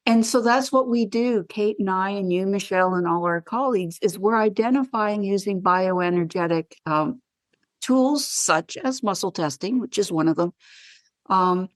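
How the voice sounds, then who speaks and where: Woman, podcast guest, animated storyteller, acts out dialogue, dry close sound. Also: medium pitch, normal speed, dry recording. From Canada. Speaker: guest wellness practitioner. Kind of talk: podcast interview.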